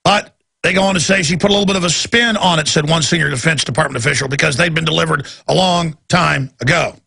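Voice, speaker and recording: A man's voice: a little high, fast talker, sharp tone. A male radio talk show host delivering a heated, sarcastic political rant. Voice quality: gravelly, raspy.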